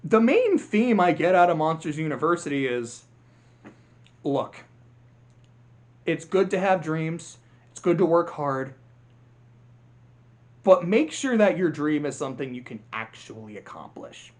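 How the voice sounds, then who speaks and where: Rambling man with a higher voice. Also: big pitch swings, unhurried, pauses often. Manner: rambling, self-interrupting, laughs often. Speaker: video creator. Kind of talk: casual film review monologue.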